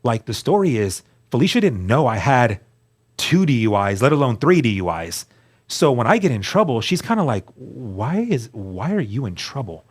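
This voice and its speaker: A man's voice: mid-range voice, big pitch swings, moderate pace. A man giving an earnest personal testimony in a casual interview, acting out other people's words and often restarting his sentences. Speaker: interview guest.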